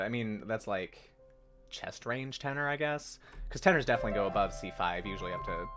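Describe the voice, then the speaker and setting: A man's voice: medium pitch, a bit bright. A young man hosting a casual songwriting livestream, rambling and correcting himself as he talks, now and then singing a note. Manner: rambling, self-correcting, breaks into sung notes. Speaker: livestream host.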